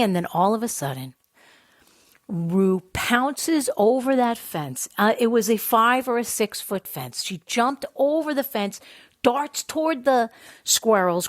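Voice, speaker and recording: A woman telling a casual personal story about her dog, animated, acting out the voices of the people in it. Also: medium pitch, no room sound. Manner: animated, acts out quoted voices. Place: New York City.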